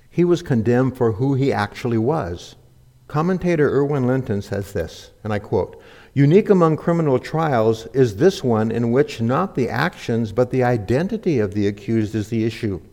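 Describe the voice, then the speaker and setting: A man's voice: medium pitch, a little mellow. A man preaching a sermon in an earnest, teaching manner, quoting scripture and books. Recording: long hall reverb.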